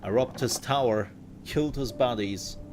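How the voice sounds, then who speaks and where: A man's voice: medium pitch, normal speed, background noise. A man giving casual let's-play commentary, thinking aloud as he plays and trailing off into fillers. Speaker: gaming content creator.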